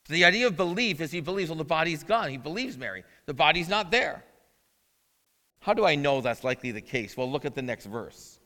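A man's voice: on the high side, very animated, a little fast, sharp tone. A male pastor preaching a sermon in a conversational way, asking the listeners questions as he goes. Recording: long reverb of a large hall.

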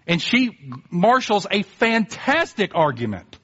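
A male preacher giving a conversational sermon, emphatic, swinging between quiet asides and animated bursts. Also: high voice, takes it slowly, lo-fi sound.

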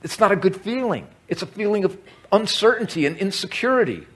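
Husky-voiced man teaching a Bible class. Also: high voice, very animated, a little fast. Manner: conversational, repeats words and asks the room questions. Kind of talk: teaching talk to a group. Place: meeting room with a large group.

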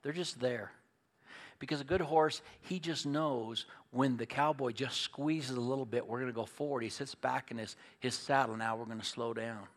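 A middle-aged man preaching a sermon as pastor, folksy and storytelling, moving between loud emphatic points and quiet earnest asides. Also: mid-range voice, normal speed.

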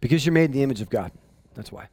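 A man, a pastor, preaching a sermon in an animated way, repeating and restarting phrases as he drives his points home. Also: medium pitch, racing, slightly rough, no echo. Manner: animated, acting out voices of people in the story.

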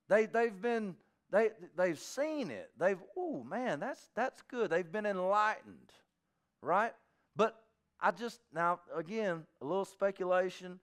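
A man pastor preaching a sermon in a church, swinging from quiet asides to shouted exhortation. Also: sits high, clear, resonant tone. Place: church sanctuary.

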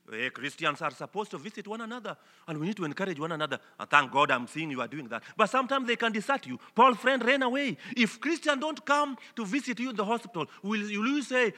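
A man from Kenya preaching a sermon, swinging between loud emphatic declarations and soft, earnest appeals. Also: high-pitched, lively intonation, fast, few pauses. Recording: long hall reverb.

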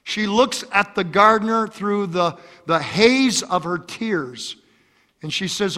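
Impassioned male preacher, slow deliberate delivery, echo of a church hall. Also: high-pitched, lively intonation. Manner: impassioned, repeats phrases, swings from loud exhortation to hushed storytelling. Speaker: pastor. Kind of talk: sermon.

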